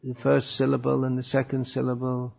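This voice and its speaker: Gravelly-voiced man giving a scripture talk. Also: mid-range voice, completely flat delivery, darkish tone. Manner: thoughtful, pausing often with fillers. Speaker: religious teacher. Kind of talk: scripture lecture. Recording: dull lo-fi recording.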